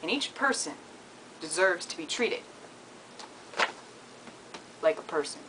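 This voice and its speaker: A young woman voicing an earnest young man giving a speech in a clumsy, put-on New Zealand accent, soft and hushed. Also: on the low side, lively intonation, takes it slowly, a little hiss or hum, exaggerated voice, rough recording. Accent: put-on, failed New Zealand.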